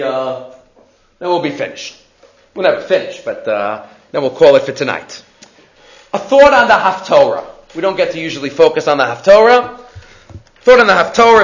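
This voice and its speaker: Casting: high-voiced man, animated Torah teacher, dull echoey room recording. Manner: animated, acts out quotes, repeats himself. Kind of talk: Torah class lecture.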